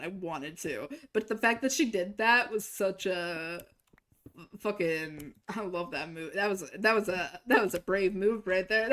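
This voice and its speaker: A woman's voice: mid-range voice, a bit bright. A young woman streamer telling a story in casual chat, swearing freely, laughing and acting out quoted lines. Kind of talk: casual storytelling while gaming.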